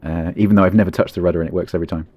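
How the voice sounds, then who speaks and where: A man co-commentating a live game, chatty and laughing often, rushing through asides. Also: low-pitched, fairly even intonation, phone-quality sound, background noise. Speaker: esports co-caster. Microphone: desk mic, drops in and out.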